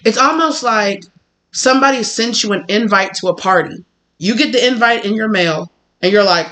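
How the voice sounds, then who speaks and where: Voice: mid-range voice, moderate pace, sharp tone. A tarot reader giving a casual spoken reading, rambling and chatty and acting out little scenes along the way. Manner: swears freely.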